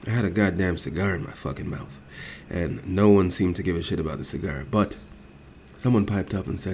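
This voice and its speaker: Very deep, gravelly-voiced man with a swaggering, foul-mouthed storyteller delivery. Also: fairly even intonation, a little fast, darkish tone, a little hiss or hum. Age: adult. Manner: heated, profane, swaggering, acting out dialogue. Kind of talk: profane storytelling rant.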